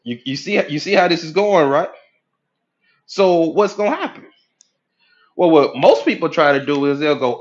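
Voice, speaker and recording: Animated man lecturing at a whiteboard. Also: on the high side, moderate pace, pauses often, muffled recording. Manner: animated, acts out inner voices with casual profanity. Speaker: hypnotherapy coach.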